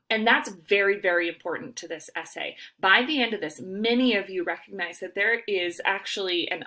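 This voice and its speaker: A woman's voice: on the low side, sharp tone. A young woman teacher giving a casual recorded lecture from home, talking informally with many ums and rights.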